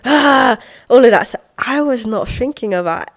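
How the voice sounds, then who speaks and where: A young woman in her twenties, a podcast guest who talks in an expressive, animated way and laughs often while reflecting on her life. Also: on the high side, normal speed. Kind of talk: reflective conversational storytelling.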